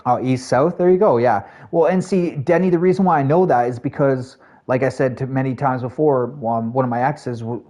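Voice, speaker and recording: Man, game streamer, casual live chat, rambling, lots of fillers, excited spikes. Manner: rambling, filler-heavy, jumps to excited highs.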